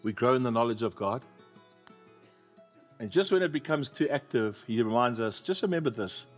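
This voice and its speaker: Pastor preaching with humor. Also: male voice, mid-range voice, expressive, normal speed, soft background music. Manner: storytelling, humorous, call-and-response with congregation. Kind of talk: sermon.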